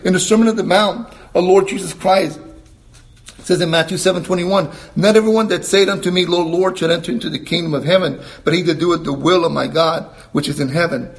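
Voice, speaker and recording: A man with a high voice preaches an emphatic sermon. He asks his listeners questions and answers them himself, and he reads scripture more slowly and lower. He often clears his throat between points. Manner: quotes scripture in a slower, lower voice.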